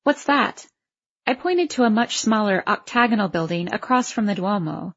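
A woman's voice: mid-range voice, lively intonation, moderate pace, fairly bright tone, dull audio. A woman narrating a first-person story aloud, in a wry, self-conscious voice. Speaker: audiobook narrator.

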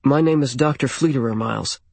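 Guy reading kind gentle doctor, soft measured talk, bit husky. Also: mid-range voice, no echo. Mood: calm reassuring.

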